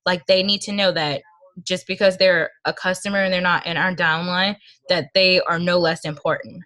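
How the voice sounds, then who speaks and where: Bright-voiced woman giving an earnest pep talk. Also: on the low side, steady tone, normal speed. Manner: earnest and emotional, speaks from personal experience. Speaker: team leader speaking to a sales team. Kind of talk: motivational talk on a video call. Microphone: video call microphone.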